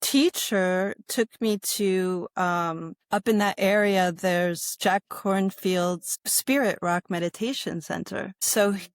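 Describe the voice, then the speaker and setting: A middle-aged American woman tells her own story as a podcast guest, lively and chatty, slipping into brighter voices when she quotes people. Her pitch sits in the middle range, and the recording is close and dry with no room echo. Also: slow, hardly any pauses. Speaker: podcast guest, yoga instructor. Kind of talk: casual storytelling interview.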